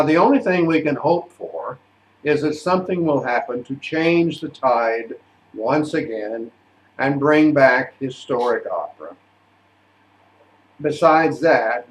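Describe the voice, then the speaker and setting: Slow, indignant older man telling stories. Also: medium pitch. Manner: indignant, deliberate anecdotal telling. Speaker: opera singer and voice teacher. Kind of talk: storytelling monologue. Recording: echoey room.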